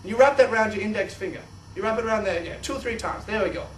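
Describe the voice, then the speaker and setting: A young man presenting a kids' science show in an exaggerated, excitable host voice. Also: sits high, very fast, slight background noise. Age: young adult. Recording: echoey room, distant mic.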